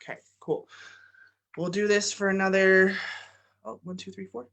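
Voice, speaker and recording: Woman coaching an energetic breathwork class. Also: medium pitch, normal speed. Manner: energetic coaching with blunt swearing; chants affirmations, pushes louder toward the end. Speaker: breathwork and meditation leader.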